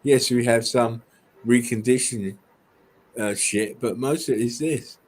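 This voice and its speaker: A man's voice: mid-range voice, measured pace, low-quality recording. An English man in casual livestream chat, rambling with plenty of swearing, stumbling restarts and laughs. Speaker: guest showing buildings on a live stream.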